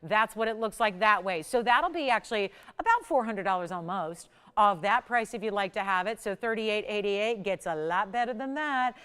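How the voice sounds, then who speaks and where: A woman hosting a live jewelry shopping show, effusive and gushing with exclamations as she pitches pieces in a studio. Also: fairly bright tone, smooth. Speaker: shopping channel host.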